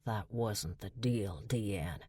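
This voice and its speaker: A woman voicing a grown male wolverine shifter in an audiobook, speaking low, quiet and controlled. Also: slow pace, slightly rough, no echo, clean studio sound, full character voice. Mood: quietly menacing.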